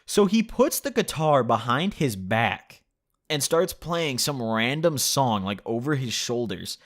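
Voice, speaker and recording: A man's voice: medium pitch, big pitch swings, unhurried. A young man telling a story in a casual way, laughing and swearing freely, with a lot of "like" and "you know". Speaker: vlogger.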